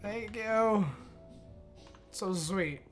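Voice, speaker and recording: A young man streaming a game live, chatting excitedly, swearing and thanking his viewers. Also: sits high, very slow, faint music behind.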